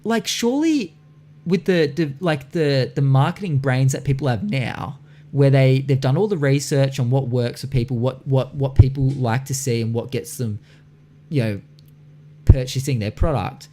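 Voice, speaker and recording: A man's voice: mid-range voice, moderate pace, dark tone. A young man hosting a podcast, chatting casually, swearing often and slipping into mocking voices. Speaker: podcast host. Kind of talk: casual chat.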